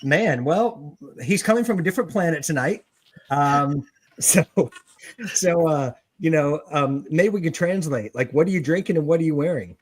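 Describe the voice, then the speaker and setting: Man, sports show host, fairly high pitch, casual, jokey, filler-heavy. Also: expressive, background noise. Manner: loose, jokey, halting with fillers. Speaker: podcast host.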